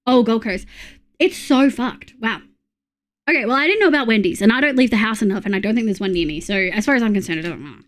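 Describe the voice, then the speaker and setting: A woman's voice: on the high side, lively intonation, fast. An Australian woman in her thirties chatting casually on a live stream, blunt and sweary, reacting to chat.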